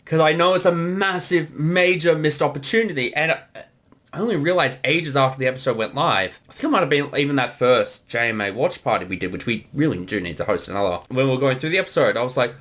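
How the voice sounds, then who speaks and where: A man's voice: mid-range voice, quick pace, a bit bright. A man chatting casually through a creator commentary, telling anecdotes and laughing along the way.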